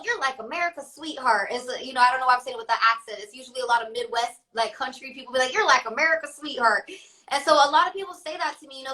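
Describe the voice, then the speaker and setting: Woman rapper as guest, chatty, pitched a bit high, very bright tone. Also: rough recording. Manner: chatty, heavy on fillers and laughter. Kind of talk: casual interview chat.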